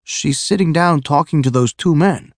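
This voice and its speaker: A man's voice: on the high side, moderate pace, no echo, pitched above the performer's own voice. Guy doing a modest young cop, respectful, says sir a lot, plain storybook voice. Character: tall strong young police officer, modest.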